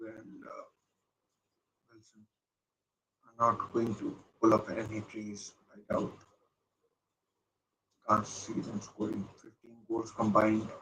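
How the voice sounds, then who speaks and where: A man commentating live as a fan while watching a football match, muttering asides and breaking into excited outbursts. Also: on the low side, takes it slowly, long pauses, slight background noise, poor audio.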